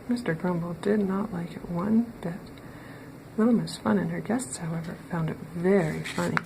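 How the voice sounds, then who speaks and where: Children's story reader: a woman, expressive and playful, gravelly touch, noisy home take. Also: on the low side, normal speed. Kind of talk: children's read-aloud narration.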